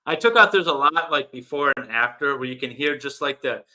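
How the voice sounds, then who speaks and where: Earnest male talker, very bright sharp tone, casual chat. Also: medium pitch, animated, fairly quick, poor audio.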